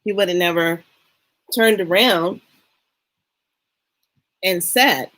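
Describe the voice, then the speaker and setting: A middle-aged woman telling a story in a casual monologue, unhurried and animated, acting out what people said. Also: on the low side. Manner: unhurried, animated retelling with acted-out quotes. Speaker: spiritual reader and vlogger.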